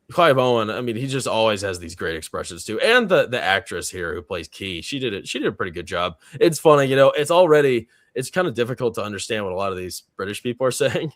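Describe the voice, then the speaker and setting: A man's voice: fairly low pitch, a bit bright, dry recording, studio quality. A man hosting a casual panel chat, rambling a bit, chuckling often and reading out viewer comments. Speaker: panel host.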